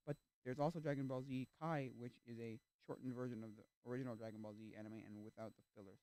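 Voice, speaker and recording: A man streaming and chatting casually, animated and easily exasperated, acting out little reactions. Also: mid-range voice, fast talker, no echo. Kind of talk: casual chat.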